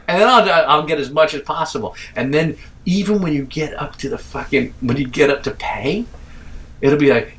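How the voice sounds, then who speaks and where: A man's voice: medium pitch, lively intonation, a little fast, fairly bright tone, distant mic. A middle-aged man from Staten Island, telling a rambling, profane story in casual chat.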